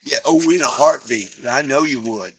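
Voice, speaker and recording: A man with an animated, slightly breathy voice chats casually on a live stream from his home, speaking at a normal speed to his viewers. Now and then he drops into a softer, lower voice to coo at his dogs.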